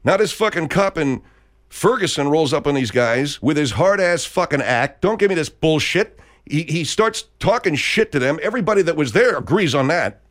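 A man's voice: fairly high pitch, expressive, normal speed, fairly bright tone. A man delivering an angry, profane rant full of sarcastic jabs and constant swearing.

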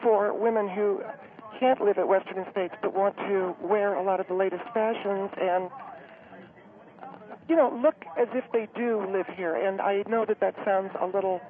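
A man voicing a high-strung, well-to-do woman who talks haltingly with many fillers. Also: natural voice. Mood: hesitant. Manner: halting, hesitant, many fillers, later panicky and breathless. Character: fussy upscale woman, community spokeswoman, high-strung. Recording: tinny phone-line radio sound.

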